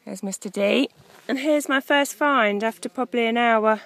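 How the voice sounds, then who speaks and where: A woman chatting excitably while metal detecting outdoors in a farm field, often dropping her voice to a hushed whisper. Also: a little high, normal speed. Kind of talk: casual outdoor commentary.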